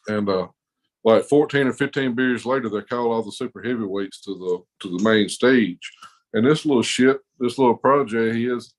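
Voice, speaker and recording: A man's voice: medium pitch, poor audio. A man with a drawl spins a casual story as a podcast guest. His talk is rambling and profane, full of laughter.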